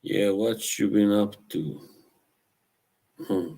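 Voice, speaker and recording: A man's voice: lowish voice, slow, vocal fry, dark tone. A man hosting a live stream, chatting casually with viewers, laughing often and teasing. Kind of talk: casual chat reacting to live chat.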